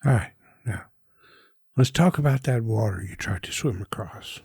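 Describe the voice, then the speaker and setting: A man plays his character in a tabletop horror game, weighing each plan out loud. His voice is dark and gravelly with a husky edge, and he keeps clearing his throat. The recording is dry and close. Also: on the low side, expressive, no room sound. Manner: frequent throat clearing, deliberate. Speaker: player.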